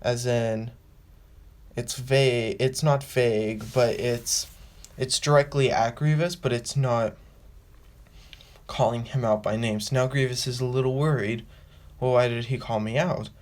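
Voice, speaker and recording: A man's voice: medium pitch, fairly even intonation, unhurried, a little mellow. A man hosting a casual fan explainer, rambling and restarting, and repeating phrases as he works through his point. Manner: acts out quoted lines with a raised voice. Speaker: fan video host.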